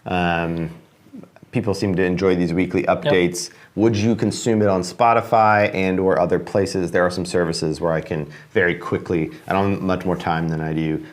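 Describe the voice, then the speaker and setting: A man's voice: low-pitched, steady tone, moderate pace. A man co-hosting a casual studio update chat, rambling and restarting as he thinks aloud. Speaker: co-host of studio update show.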